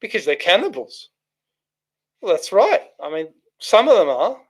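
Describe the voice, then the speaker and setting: A man's voice: sits high, very animated, normal speed, slightly rough. Rambling man on a livestream. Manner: rambling, with restarts and frequent fillers. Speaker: livestream host reading chat. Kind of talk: casual livestream chat.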